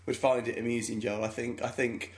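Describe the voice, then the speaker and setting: A young man co-hosts a podcast, chatting casually in a mid-range, level voice at a fairly quick clip, with a little hiss or hum on the audio. His comedic talk rambles, he pokes fun at himself, and he often laughs at his own jokes.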